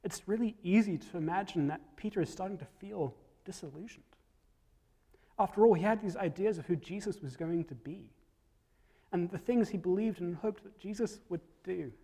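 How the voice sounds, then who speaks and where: A man preaching a storytelling sermon, reflective, dropping to soft tones at key moments. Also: high voice, moderate pace, breathy edge, big-room sound.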